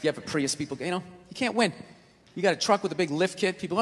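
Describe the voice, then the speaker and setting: A man performing a stand-up comedy routine, ranting in exasperation and shouting his punchlines. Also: high-pitched, fast. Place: comedy theater stage. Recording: live hall reverb, crowd laughter and noise.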